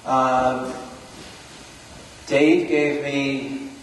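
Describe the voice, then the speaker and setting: A man with a New York accent announcing club news at a meeting, chatty and halting, with many fillers. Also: mid-range voice, little pitch movement, a little hiss or hum. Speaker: club member presenting new business. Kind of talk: casual meeting talk. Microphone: distant room recording. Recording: echoey hall recorded from far off.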